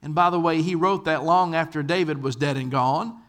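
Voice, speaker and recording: A man's voice: a little high, steady tone, normal speed, a bit bright. A man pastor preaching a sermon to his congregation, telling anecdotes and acting out the quotes in them. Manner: storytelling with acted-out quotes.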